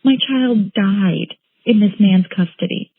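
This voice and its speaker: A woman telling her own painful story as an interviewee, halting and repeating phrases as she recounts what happened. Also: medium pitch, vocal fry, husky. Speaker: interviewee, bereaved mother. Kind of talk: emotional personal account. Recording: tinny phone-like line, dry.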